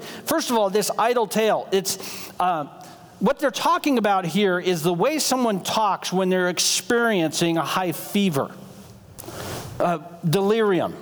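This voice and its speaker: A male pastor delivers a sermon in an animated, conversational way, sliding easily into stories. His voice sits high for a man. It carries the long reverb of a church sanctuary.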